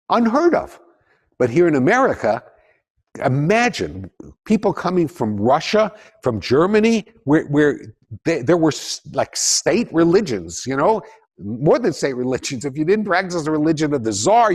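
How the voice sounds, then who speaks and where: A man giving a lecture to a live audience, animated and jokey, often putting questions to the listeners. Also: mid-range voice.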